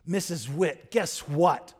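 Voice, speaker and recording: Brief: eager small boy in a joke, read by a male preacher, quiet and low. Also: takes it slowly, husky. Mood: excited. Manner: eager, breathless telling. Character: excited four-year-old boy in a joke.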